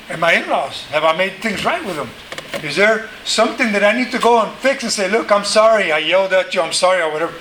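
High bright-voiced preacher guy, keeps asking "right?", roomy echo, bit of hum behind. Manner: emphatic, call-and-response, frequent "right?". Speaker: pastor. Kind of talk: sermon.

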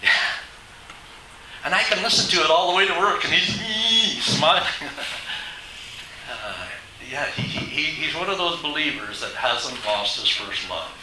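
A man's voice: on the high side, expressive, measured pace, recorded from a distance, background noise. A man preaching a sermon to his congregation, emphatic and asking them rhetorical questions. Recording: echoey hall.

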